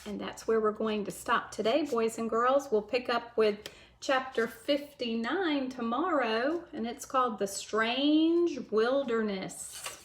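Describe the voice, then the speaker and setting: A woman teacher reading a chapter book aloud to children, gentle and patient as she tells the story. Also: a little high, slow, slight background noise.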